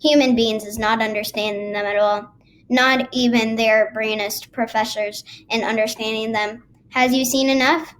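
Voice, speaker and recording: A woman's voice: a little high, steady tone, normal speed, fairly bright tone, a little hiss or hum, close to an everyday voice. A woman voicing a kindly giant who explains dreams, reading a children's book aloud. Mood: musing.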